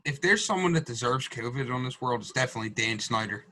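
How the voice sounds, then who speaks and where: A man's voice: mid-range voice, animated, fast, bright, forceful tone, no echo. A man co-hosting a sports podcast in casual chat, blunt and heated, swearing freely as he gives his opinions. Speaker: podcast co-host.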